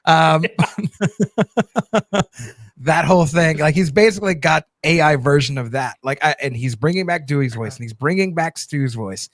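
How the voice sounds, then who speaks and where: A man chatting casually about a movie trailer in an animated way, restarting his sentences and saying "like" a lot. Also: fairly high pitch, unhurried, no room sound, studio quality. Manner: animated, repeats words and restarts, says "like" often. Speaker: podcast co-host.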